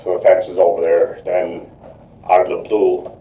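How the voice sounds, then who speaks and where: A deep-voiced man gives a rambling, repetitive account during a police interrogation, circling back on himself with constant "you know, like". He sounds distant from the microphone in an echoey room on a lo-fi recording. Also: completely flat delivery, moderate pace. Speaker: murder suspect under questioning.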